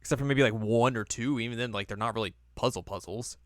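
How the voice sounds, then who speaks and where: A man's voice: medium pitch, fast talker, no room sound, clean studio sound. A man co-hosting a podcast, rambling in casual chat full of "like" fillers. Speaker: podcast co-host.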